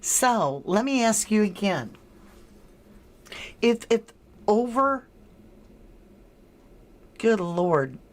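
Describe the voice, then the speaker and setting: A woman hosting a true-crime livestream, chatting with viewers, reading their comments aloud and running a poll, laughing often. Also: mid-range voice. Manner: chatty and unhurried, laughs often, drawn-out words. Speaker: livestream host.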